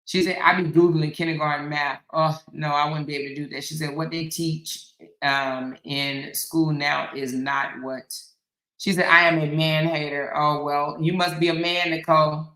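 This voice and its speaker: A woman's voice: low-pitched, fairly even intonation, moderate pace, fairly bright tone, echoey room, low-quality recording. A woman hosting a casual commentary stream, reading viewer comments aloud in a sassy, mocking way and laughing often. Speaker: host.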